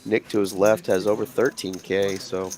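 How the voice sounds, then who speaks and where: A man's voice: sits low, level tone, moderate pace, crowd noise. A man co-hosting live poker commentary, chatty and agreeable. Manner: agreeable, chatty, upbeat sign-offs.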